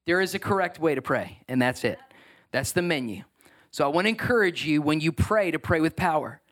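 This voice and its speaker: High-voiced man preaching a sermon. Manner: energetic preaching, rising in pitch when stressing points. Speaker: pastor.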